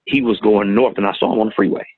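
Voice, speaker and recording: A middle-aged man telling a painful personal story in a plain-spoken, halting way, recorded with tinny phone-like sound. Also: lowish voice, steady tone, slightly rough, no echo. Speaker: guest telling his story. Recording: tinny phone-like audio, dry.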